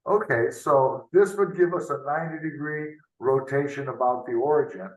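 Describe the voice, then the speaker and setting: A man's voice: a little high, moderate pace, lo-fi sound. A man tutoring math in a loose, unscripted lesson, thinking aloud and often ending with tag questions, heard over a video call. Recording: roomy, from off the mic.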